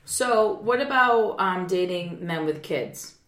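A woman's voice: fairly low pitch, animated, takes it slowly, fairly bright tone. Woman gabbing about a friend's dating pics, asks stuff, echoey room. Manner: chatty, laughs often, asks questions. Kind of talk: casual chat about dating.

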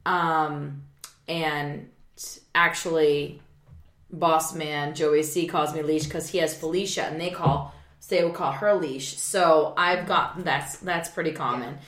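Middle-aged woman chatting on a podcast, lowish voice, gets loud doing impressions, roomy echo. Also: slow pace. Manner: animated, swings up loud when mimicking people. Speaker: podcast co-host. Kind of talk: casual chat. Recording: echoey room.

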